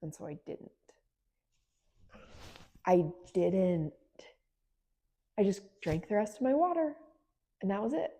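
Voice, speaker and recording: A woman in her late thirties telling a personal fitness story in a casual, emphatic vlog, swinging between low, weary stretches and bursts of excitement. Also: vocal fry. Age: 30s. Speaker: fitness vlogger.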